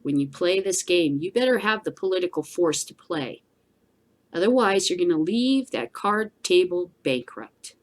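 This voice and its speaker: A woman's voice: lowish voice, animated, moderate pace. A woman hosting a cannabis news show, giving blunt, emphatic solo commentary with a preachy edge.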